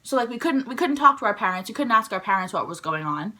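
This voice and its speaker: A young woman tells a storytime in a chatty, animated way, with "like" scattered through every sentence. Her voice sits a little high and sounds bright and forward. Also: fast. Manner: chatty, animated, heavy use of "like". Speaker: vlogger. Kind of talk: casual storytime.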